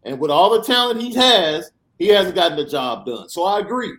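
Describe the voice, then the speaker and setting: A man hosts a sports podcast and rants. He hammers his points home with sarcastic repetition. His pitch leaps up and drops low as he pushes each point. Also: very animated, normal speed, a bit bright. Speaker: podcast host. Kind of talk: animated sports podcast rant.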